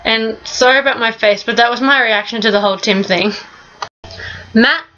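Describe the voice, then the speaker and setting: A young woman narrating her vlog in a voice-over, telling an excited fan story with casual swearing. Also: a little high, normal speed, highs cut off. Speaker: vlogger.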